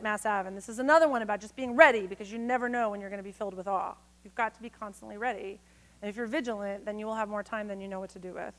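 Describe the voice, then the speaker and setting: A woman's voice: mid-range voice, fairly bright tone, poor audio. A woman poet reading her work on a conference stage, talking frankly with salty words and playful asides to the audience. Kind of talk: poetry reading with spoken asides.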